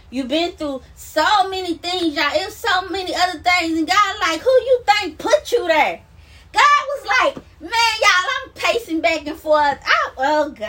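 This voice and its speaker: A self-proclaimed minister records an emotional religious testimony for viewers on her phone, pacing around, her high, slightly bright voice sounding far from the mic. She's fervent and repetitive, with frequent exclamations and laughs.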